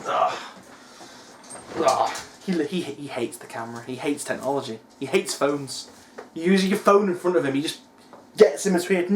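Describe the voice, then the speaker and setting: A man's voice: fairly high pitch, unhurried, pauses often. A young man, a hobby YouTuber, chatting casually in a rambling way and swearing now and then. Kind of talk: casual vlog chat. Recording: roomy echo.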